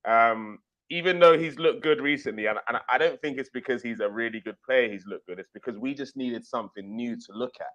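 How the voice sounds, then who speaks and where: A man's voice: medium pitch, fairly quick, hardly any pauses, fairly bright tone, muffled recording. A man joining a casual football live stream as co-host, laid-back and slangy as he gives his opinions. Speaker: co-host guest.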